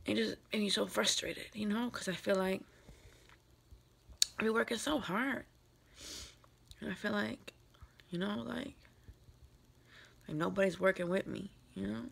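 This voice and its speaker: Tearful woman venting with a gravelly voice. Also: mid-range voice, a little slow, long pauses. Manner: rambling, venting, many fillers and restarts. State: tearful, upset. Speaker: vlogger. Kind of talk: emotional personal vlog.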